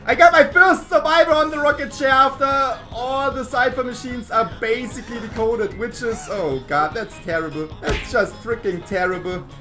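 A woman giving casual gameplay commentary as a gaming YouTuber, excitable and often exasperated, laughing as she plays. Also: a little high, normal speed, hardly any pauses, soft background music.

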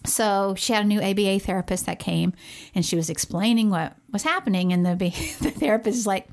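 A woman co-hosting a parenting podcast, telling a personal story in casual chat, animated and laughing often as she talks. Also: medium pitch, brisk, vocal fry. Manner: animated storyteller who acts out quoted voices.

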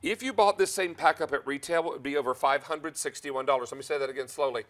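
A man hosting a live TV shopping show from a studio kitchen, chatty and emphatic as he pitches a product. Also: quick pace, a bit bright. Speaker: TV shopping host.

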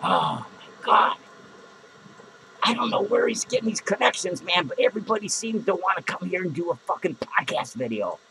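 A man's voice: high-pitched, animated, normal speed, creaky, background noise. A man playing a foul-mouthed, jittery male clown who hosts a podcast and rants crudely and nervously at his viewers. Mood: anxious. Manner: swearing, rambling, nervous outbursts. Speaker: podcast host. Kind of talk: profane comedic rant to viewers. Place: podcast studio.

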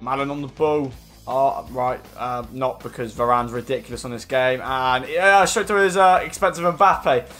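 A young man commenting on his own online football match, swearing often and swinging from frustrated mutters to excited shouts. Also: medium pitch, moderate pace, soft background music. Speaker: gaming YouTuber. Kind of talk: live gameplay commentary.

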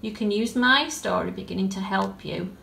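A woman teacher reading a story aloud for young pupils and explaining it gently, with coaxing questions. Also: mid-range voice, moderate pace, vocal fry, echoey room, slight background noise. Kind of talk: storytelling lesson for children.

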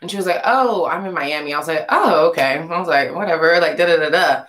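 A young woman telling a casual storytime vlog, animated and slangy, acting out the voices of people in her story. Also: low voice, fast talker. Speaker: singer vlogging a story. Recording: echoey room.

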